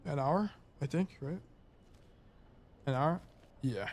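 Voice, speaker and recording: A man streaming himself playing a game, thinking out loud in casual, rambling talk full of "like" and "you know". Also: on the high side, lively intonation, slow, long pauses. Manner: rambling, thinking aloud, lots of "like".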